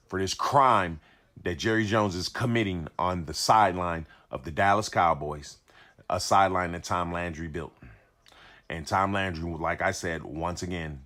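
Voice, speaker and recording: A man's voice: low voice, fairly bright tone. Indignant man ranting about football. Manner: indignant, repetitive, emphatic. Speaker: sports commentator. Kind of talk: ranting video commentary.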